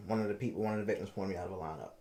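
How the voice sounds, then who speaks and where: A man in his thirties from Baltimore, a podcast guest telling a personal story in a halting way, repeating words and acting out what people said. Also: deep voice, mellow. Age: 30s.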